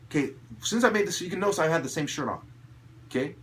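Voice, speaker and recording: A man with a somewhat high voice rants to camera. He swears freely and swings into sudden loud outbursts, repeating and restarting his phrases as he goes. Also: animated, fast talker, slight background noise. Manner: agitated, profane ranting with sudden loud outbursts. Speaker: vlogger. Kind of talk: angry monologue to camera.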